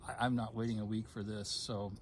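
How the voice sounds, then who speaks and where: A man in his fifties telling a personal story in a relaxed conversation, pausing often with ums and restarts. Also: lowish voice, a little hiss or hum. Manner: hesitant, many ums, gets choked up then laughs. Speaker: guest sharing a personal story.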